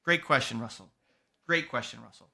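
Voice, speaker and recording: A man's voice: medium pitch, brisk, gravelly, pushed and bright. A man hosting a podcast, giving earnest, emphatic motivational advice in a casual tone and swearing now and then. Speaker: podcast host and coach.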